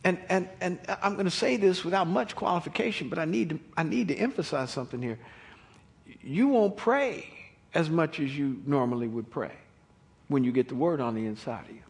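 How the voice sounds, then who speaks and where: High-voiced animated man preaching. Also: a little fast, gravelly. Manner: animated, acts out Bible scenes. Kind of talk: sermon.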